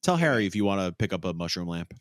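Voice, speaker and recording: A man's voice: deep voice, very animated, quick pace, dry recording, clean studio sound. A male podcast host chatting casually, reading game blurbs, joking and handing turns to co-hosts. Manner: upbeat, jokey, hands turns to co-hosts.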